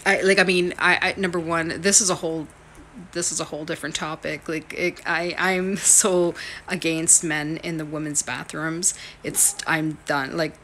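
Low-voiced rambling woman vlogger. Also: pushed and bright, slight background noise. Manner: rambling, exasperated, halting restarts. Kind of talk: casual ranting vlog.

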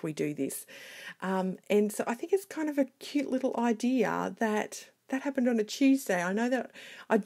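A woman narrating her scrapbooking video in a casual voiceover, chatty, excitable and quick to poke fun at herself. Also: on the low side. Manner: chatty, excitable and self-deprecating. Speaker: scrapbooking vlogger. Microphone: voiceover recorded separately.

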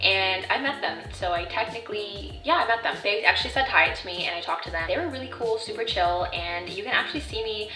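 A woman's voice: mid-range voice, fairly quick, hardly any pauses, bright, forceful tone. A young woman vlogging in a chatty, self-deprecating way, reading her messages aloud. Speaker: vlogger and actor. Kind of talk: casual vlog chat. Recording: roomy echo, mic at a distance, faint music.

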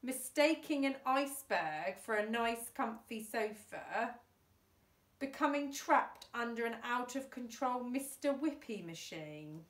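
A woman teacher reading a children's book aloud, animated and with chatty asides. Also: a little high, takes it slowly. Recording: roomy room, distant mic.

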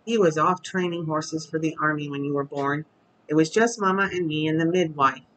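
A storybook reader voicing a young woman, an earnest older sister who speaks quietly and wistfully. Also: mid-range voice, normal speed, close to an everyday voice, poor audio. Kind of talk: storybook read-aloud.

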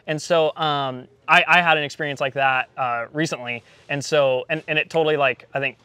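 A young man hosts an interview, wandering through his questions with plenty of "like" and "um." His voice is bright and sits a little high. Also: steady tone, fairly quick, clear, resonant tone, no echo. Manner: rambling, many fillers like "like" and "um". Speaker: interviewer, host. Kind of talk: casual interview.

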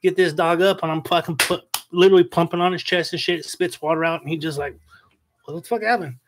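Emphatic, swearing man with a slightly high voice. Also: little pitch movement, quick pace. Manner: profane, emphatic, says dude a lot. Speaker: podcast co-host. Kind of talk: casual storytelling chat.

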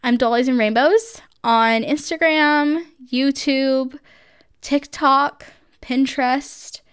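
A young woman hosts her own podcast, chatting casually and gushing, with lots of "like" and "um." Her voice is high-pitched with fairly even intonation, and she speaks slowly. The recording is studio quality with no room sound.

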